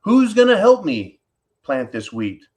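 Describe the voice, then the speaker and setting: A man's voice: high-pitched, huge pitch swings, unhurried, darkish tone, pitched above the performer's own voice, full character voice. A man voicing a stubborn, self-reliant hen from a storybook fable, in a mocking, sing-song way. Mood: sing-song asking.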